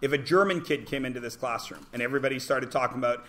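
A man's voice: mid-range voice, quick pace, fairly bright tone. A man teaching a class, blunt and provocative, talking over his students. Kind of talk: classroom lecture.

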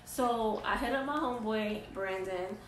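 Brief: young woman vlogger, casual animated storyteller, set back from the mic in an echoey room. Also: a little high, measured pace, slight background noise. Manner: casual, slangy, animated retelling. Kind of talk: storytime vlog. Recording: roomy echo, distant mic.

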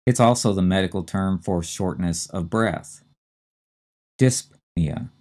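A man teaching a recorded medical terminology lecture, speaking slowly and carefully and spelling out terms letter by letter. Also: low-pitched, darkish tone. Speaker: instructor.

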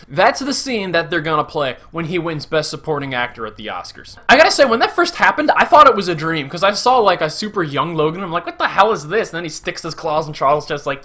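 A man giving an excited casual movie review, gushing and acting out scenes in little voices. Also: fairly high pitch, fast talker, hardly any pauses. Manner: animated, gushing, acts out quotes in voices.

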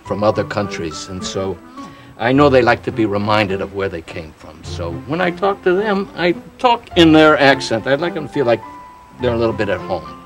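A man playing a friendly, animated shopkeeper who puts on his customers' accents. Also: lowish voice, moderate pace, faint music behind. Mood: gentle. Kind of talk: children's video acting.

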